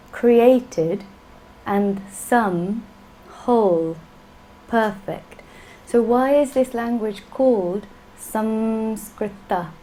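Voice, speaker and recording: A woman's voice: medium pitch, warm tone, slight background noise, poor audio. A woman teaching a class, patient and playful, often laughing. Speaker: Sanskrit teacher. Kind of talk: classroom lesson.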